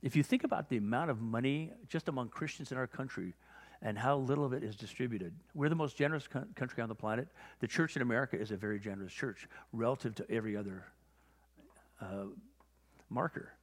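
A man preaching a sermon as pastor, telling stories and acting out both sides of conversations with lively energy. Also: medium pitch, fast. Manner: animated storytelling, acting out conversations. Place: church sanctuary. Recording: long hall reverb.

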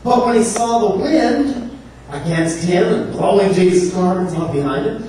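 A man preaches with a humorous, storytelling energy, slipping into playful voices for the characters. His voice sits a little high. He is heard from a distance in a strongly echoing room with faint background noise. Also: normal speed. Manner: animated, humorous, acts out voices with laughs. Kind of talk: storytelling sermon.

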